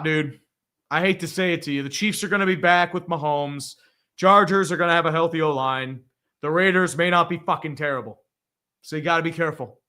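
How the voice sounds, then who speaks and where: Bright, blunt man. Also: a little high. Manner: blunt and profane, quick opinions, frequent laughs. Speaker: livestream host reading viewer donations. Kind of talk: casual live reaction stream.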